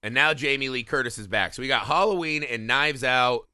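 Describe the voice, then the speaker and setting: A man co-hosting a casual film podcast, animated and joking, swearing freely. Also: mid-range voice, brisk, dry recording, clean studio sound. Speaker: podcast co-host.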